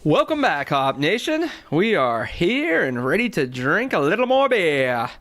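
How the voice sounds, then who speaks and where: A man's voice: fairly high pitch, big pitch swings, a little slow, a bit bright, faint music behind. A man hosting a beer podcast in casual chat, upbeat and laughing often. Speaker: podcast host.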